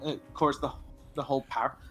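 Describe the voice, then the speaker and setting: A man's voice: mid-range voice, steady tone, fast, fairly bright tone, faint music behind. A man chatting casually while playing a game on a stream, rambling from tangent to tangent with many restarts. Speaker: gamer on a stream. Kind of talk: casual chat while gaming.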